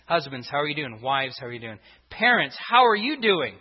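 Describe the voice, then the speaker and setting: A man's voice: a little high, sing-song, fairly quick, slightly rough. A man preaching a sermon to his congregation, driving his points home with repeated rhetorical questions. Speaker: pastor. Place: church sanctuary. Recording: dull reverberant church recording.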